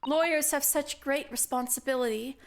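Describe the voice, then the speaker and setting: A woman voicing a courteous, modest young female assistant in a video game, gentle and formal, with game music behind. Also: sits high, normal speed, noisy background.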